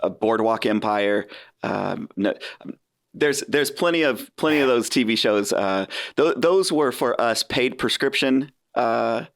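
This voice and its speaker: A man's voice: mid-range voice, expressive, unhurried, gravelly, dry recording, studio quality. A man with an American accent hosting a podcast, casual and meandering, laughing often. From United States. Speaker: podcast host. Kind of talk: casual interview chat.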